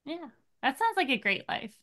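Chatty high-voiced woman player. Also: very animated, normal speed, pushed and bright. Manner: friendly, chatty, in-character. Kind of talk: in-character tabletop game chat.

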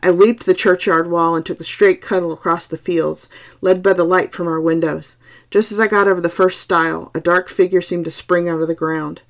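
Low, gravelly woman reading a ghost story. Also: fairly even intonation. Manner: slow, hushed, suspenseful. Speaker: podcast host reading a story.

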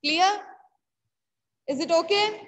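Her pitch is extremely high and her tone fairly bright as she speaks slowly over a rough recording. This woman, who has an Indian English accent, runs an online English grammar lesson, repeating important words and regularly making sure students keep up.

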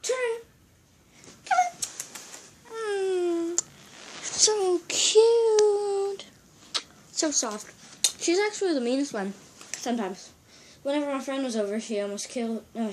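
A woman vlogging at home in a casual way, excitable and giggly, coaxing her pet to come over. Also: medium pitch, slight background noise. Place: at home, indoors.

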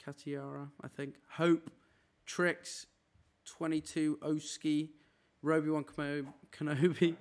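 Young male streamer, slightly high voice, casual, quick name roll-call. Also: flat delivery. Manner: rattling off names in a quick run. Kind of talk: casual live-stream chat. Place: apartment room.

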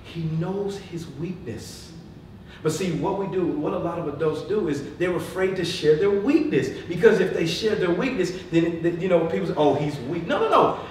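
A man in his thirties giving a lively motivational talk to a live audience, telling stories, laughing often and swinging between loud and hushed. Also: high-pitched, moderate pace. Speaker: motivational speaker. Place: meeting room with an audience. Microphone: far from the mic. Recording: echoey room, distant mic, room noise.

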